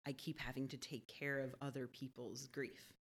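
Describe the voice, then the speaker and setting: A woman in a conversation who talks thoughtfully and often checks in with a quick "right?". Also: rumbling low, level tone, creaky, slightly rough. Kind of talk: conversational podcast chat.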